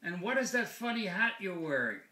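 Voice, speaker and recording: A man's voice: high voice, very animated, brisk, bright, forceful tone, far from the mic, voice pushed up, heavily acted. A man voicing an eager talking male parrot that asks question after question in a chirpy voice. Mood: curious. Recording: echoey room.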